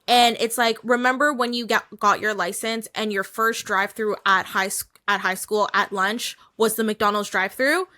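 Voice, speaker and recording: Animated woman with a bright voice. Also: mid-range voice, moderate pace, hardly any pauses. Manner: animated, laughs often, slangy. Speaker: guest, brand marketing manager. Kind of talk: casual chat.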